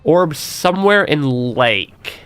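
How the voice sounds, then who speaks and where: Stuffy-nosed guy rambling over a game stream, kinda high voice, soft music in the back. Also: big pitch swings, slow, clean tone. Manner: chatty, laughs often, trails off and restarts. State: stuffy nose. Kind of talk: casual gameplay commentary.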